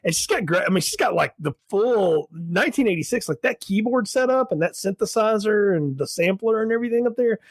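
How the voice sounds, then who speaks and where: A husky man chats on a podcast. His voice sits a bit high and sounds close and dry. He tells stories animatedly and laughs often. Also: lively intonation, brisk, few pauses, no echo. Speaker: podcast co-host. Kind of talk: casual chat.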